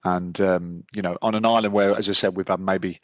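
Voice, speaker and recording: A man's voice: low-pitched, fairly even intonation, a little fast, dry recording. A middle-aged man co-hosting a podcast, chatting casually and rambling with restarts. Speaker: podcast co-host. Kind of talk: casual chat.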